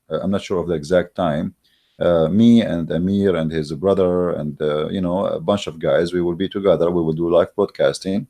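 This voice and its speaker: A man's voice: sits low, mellow. A man hosting his channel with a religious debate monologue, speaking in an emphatic, mocking way with frequent hesitations. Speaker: channel host. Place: Germany.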